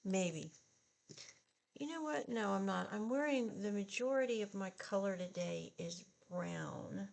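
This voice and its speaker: A woman in her sixties chatting slowly and haltingly while she does her makeup, sounding upset and discouraged. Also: medium pitch, gravelly, darkish tone. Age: 60s. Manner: slow, subdued and halting, with sighs. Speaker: beauty vlogger. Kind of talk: casual get-ready-with-me chat.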